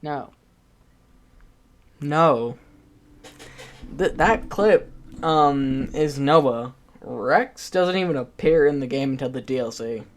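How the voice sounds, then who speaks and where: A man's voice: mid-range voice, lively intonation, takes it slowly, long pauses. A man giving casual video game commentary, chatty and self-mocking as he looks back at his own old predictions. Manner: chatty and self-mocking, with frequent restarts and laughs.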